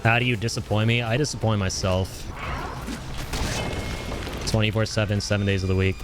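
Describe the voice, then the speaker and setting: A man streaming a video game live, chatting with his viewers, swearing and yelling at the game as he plays. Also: fairly low pitch, normal speed, music in the background. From Canada. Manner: excitable, swears and yells at the game. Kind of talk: casual live-stream gaming chat.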